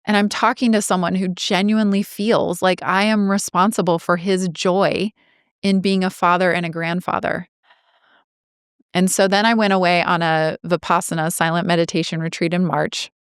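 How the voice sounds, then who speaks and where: Earnest woman in her forties, low smooth voice. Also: steady tone, no echo, studio quality. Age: 40s. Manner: earnest and reflective, slowing on key phrases. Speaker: podcast host. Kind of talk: personal storytelling monologue.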